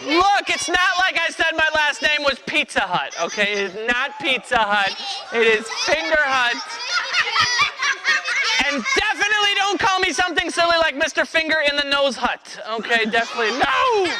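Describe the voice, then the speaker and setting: A man's voice: very high voice, very animated, moderate pace, very noisy. A man performing as a children's magician, playfully joking with and rousing a live audience of kids. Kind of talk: live kids' magic show patter.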